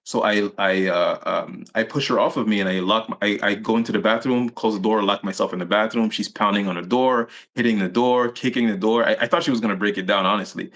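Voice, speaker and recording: Guy w a lower voice telling his story on a live interview, lots of uh and restarts. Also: fairly even intonation, a bit bright. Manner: halting, many restarts and fillers. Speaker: interview guest.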